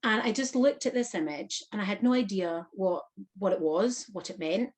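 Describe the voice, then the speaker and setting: A woman guest on an interview, recounting a personal experience in an animated manner with frequent laughter. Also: mid-range voice, normal speed. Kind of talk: storytelling interview.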